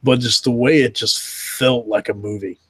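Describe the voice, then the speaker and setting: A man with a North Carolina Southern accent hosting a casual live reaction chat, excitable and laughing often, tripping over his words. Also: mid-range voice, moderate pace, husky, rough recording. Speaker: host.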